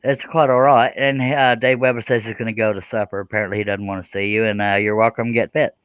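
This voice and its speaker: A man's voice: on the low side, level tone, fast, clear, resonant tone, no echo, narrow, tinny audio. A man hosting a live stream, chatting casually in a joking, rambling, self-deprecating way. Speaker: live stream host, scroll saw artist.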